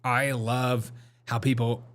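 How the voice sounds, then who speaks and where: A man's voice: medium pitch, level tone, slow pace, fairly bright tone. A man hosting a live show, chatting casually and rambling through jokes and chat replies, laughing often. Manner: reads chat and answers it.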